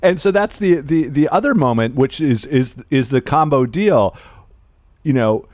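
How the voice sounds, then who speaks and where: Guy on a podcast, animated, laughs a lot, pitch all over the place. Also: unhurried, no room sound. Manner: animated storyteller, laughs often, acts out film lines. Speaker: podcast co-host. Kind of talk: casual film discussion.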